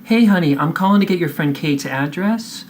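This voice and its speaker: A man voicing a breezy middle-aged mother in a therapy role-play, chirpy and quick to wave away concerns. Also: a little high, expressive, a little hiss or hum, voice pushed up, natural voice.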